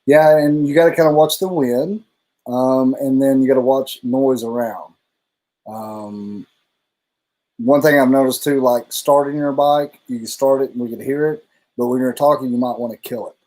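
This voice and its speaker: Brief: man, mellow dark voice, relaxed rambling livestream co-host who swears casually. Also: medium pitch, normal speed, low-quality recording. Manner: laid-back, rambling, curses casually. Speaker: co-host of a motorcycle channel livestream.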